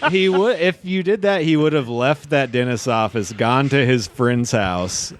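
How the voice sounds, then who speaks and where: A man co-hosting a comedy podcast, telling jokes flatly. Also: mid-range voice, a little slow. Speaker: podcast co-host. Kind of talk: casual chat.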